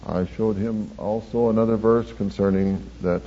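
A man, a church counselor, telling the story of a counseling session in a measured, earnest way. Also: fairly low pitch, steady tone, dark tone. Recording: dull lo-fi recording with faint hiss.

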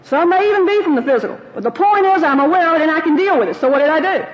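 A woman's voice: very high voice, lively intonation, racing, slight background noise. A middle-aged woman teaching a group of women about faith and anxiety, folksy and personal, acting out her own prayers. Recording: dull, roomy hall sound.

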